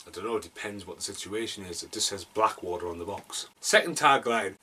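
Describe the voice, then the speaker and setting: A man's voice: fairly low pitch, animated, a little fast, sharp tone, husky. A man from Britain reviewing a movie casually, rambling and self-deprecating, with jokey asides and mumbled mutters.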